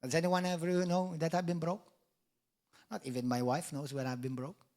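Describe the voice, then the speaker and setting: Male pastor, middle-aged, high-pitched and emphatic, preaching with humor. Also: steady tone, moderate pace. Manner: emphatic preaching with wide swings in loudness and pitch; jokey asides and mock quotes of doubters. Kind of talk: sermon.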